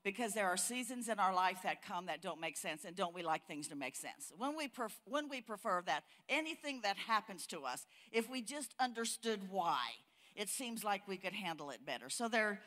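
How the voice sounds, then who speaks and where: A woman's voice: medium pitch, lively intonation, normal speed, a bit bright. An older woman preaching a sermon at a church conference, folksy and storytelling, building to fiery emphasis. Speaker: conference speaker.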